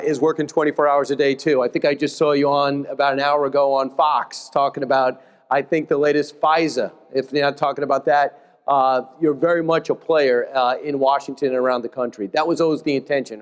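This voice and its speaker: A man moderating a live panel, asking brisk, bantering questions. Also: mid-range voice, little pitch movement, clean tone. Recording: long hall reverb.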